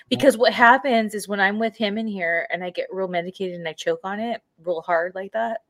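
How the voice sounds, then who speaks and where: A woman's voice: mid-range voice, a little fast, few pauses. Chatty woman podcast co-host. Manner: chatty storyteller, laughs and coughs often. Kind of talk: casual chat.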